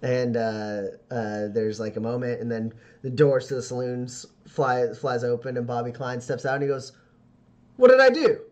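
A man's voice: mid-range voice, little pitch movement, normal speed, few pauses, darkish tone, highs cut off. A man narrating as game master of a tabletop game, casual and often laughing.

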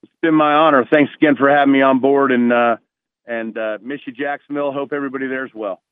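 Over a tinny, dry phone line with no echo, a New Jersey caller talks fast in a medium-pitched, steady, clean-toned voice. A retired police officer and former college ballplayer, he's a guest on a radio show, rambling through heartfelt stories and restarting often.

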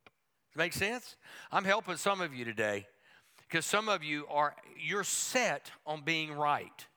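A man's voice: a little high, animated, a little slow, sharp tone, clean tone. A middle-aged man, a pastor, preaching a folksy and humorous sermon with playful asides to the congregation.

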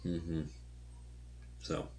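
A man's voice: extremely slow, warm tone. A man co-hosting a podcast, chatting casually and rambling with lots of fillers as he retells a show. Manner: rambling, filler-heavy retelling with playful quoted voices. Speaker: podcast co-host. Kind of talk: casual chat.

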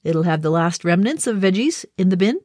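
A woman's voice: lowish voice, very animated, fairly quick, warm tone, no echo, studio quality. A middle-aged woman from the Boston area with a faint Boston accent, chatting through a casual daily video diary with light laughs. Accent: Boston, mostly softened. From Boston area, Massachusetts. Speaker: video diarist.

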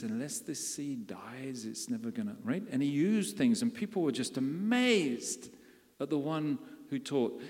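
A man's voice: medium pitch, a little mellow. A man preaching a sermon in a conversational way, often putting questions to his congregation. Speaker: pastor. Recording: long hall reverb.

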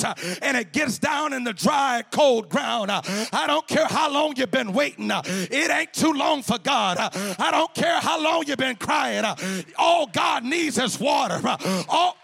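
High gravelly man chanting a sermon. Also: fairly bright tone. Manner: punctuates phrases with a sung "uh". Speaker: preacher. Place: church sanctuary.

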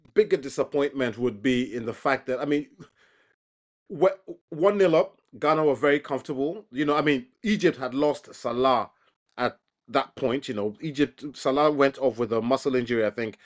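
A man's voice: mid-range voice, moderate pace. A man hosting a football podcast, often repeating words as he starts his questions. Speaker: host. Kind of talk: podcast sports discussion.

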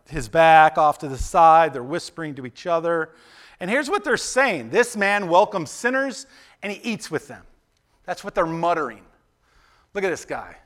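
A man's voice: high voice, fairly bright tone. A male pastor preaching in a conversational way, often checking in with "right?" and playfully acting out quotes. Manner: conversational, keeps asking "right?", acts out quotes with playful voices. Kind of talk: sermon.

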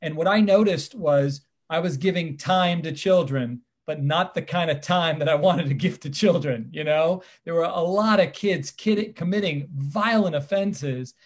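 A man in his fifties, a lawyer and guest, telling personal stories with animated, emphatic delivery and acted-out dialogue. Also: on the high side, unhurried, few pauses. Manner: animated, emphatic storyteller who acts out the dialogue. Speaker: guest, criminal defense attorney. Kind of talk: personal storytelling in conversation.

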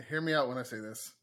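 A man talks in a casual podcast chat, halting and hesitant as he works out his thoughts. His voice is bright and tense. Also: medium pitch.

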